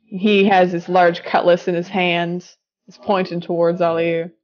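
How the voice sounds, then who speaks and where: A woman running a tabletop pirate game as game master, casual and quick to laugh and swear. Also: on the low side, level tone, dull audio.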